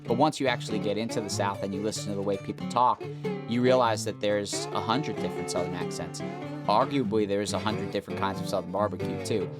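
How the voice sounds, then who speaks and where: Low-pitched man, reflective, loud music bed. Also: fairly even intonation, brisk. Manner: reflective, explanatory.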